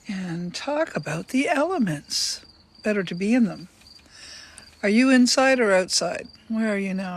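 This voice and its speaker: An older woman talks into her phone while sitting outside on a sunny afternoon, with crickets chirping behind her. She keeps up a loose, chatty live-stream patter, welcoming viewers by name and asking the same questions again. Her pitch sits at an ordinary middle level. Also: slight background noise. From Canada. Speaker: livestream host. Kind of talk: casual live-stream chat. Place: outdoors on a sunny day.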